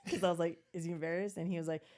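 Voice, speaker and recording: A middle-aged woman co-hosting a podcast, telling a story in expressive casual chat and acting out quotes. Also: fairly low pitch. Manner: expressive, quick to laugh, acts out quotes. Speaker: podcast co-host.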